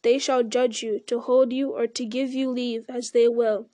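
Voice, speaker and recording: A grave male elf sentry, as a woman reads him aloud, speaking in a stern, measured way. The voice sits fairly high and sounds close and dry, with no room around it. It has the even pace of a storybook reading. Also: dry recording, close to an everyday voice.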